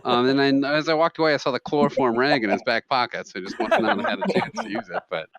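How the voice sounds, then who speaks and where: A man in his thirties co-hosting a podcast, telling animated stories in casual comedic chat. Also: mid-range voice, fast talker, vocal fry, no echo. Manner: animated storyteller, acts out quotes loudly. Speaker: podcast co-host. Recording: dry, slightly dull podcast audio.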